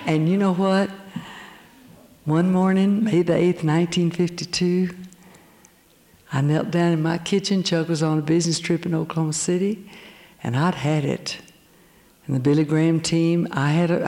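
An older woman telling her testimony to an audience, an animated storyteller who acts out the voices in her story. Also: low voice, normal speed, pauses often. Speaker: speaker giving her testimony. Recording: long hall reverb.

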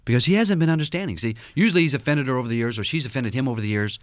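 A man's voice: mid-range voice, rapid-fire, no room sound, studio quality. A man speaking as a guest counselor on a radio talk show, earnestly explaining with examples and acted-out quotes. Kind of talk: radio interview, teaching with examples.

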